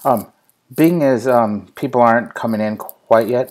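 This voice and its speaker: A man's voice: medium pitch, unhurried, darkish tone. A young man hosting a casual live show, telling a funny family story with plenty of swearing and laughter. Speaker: host.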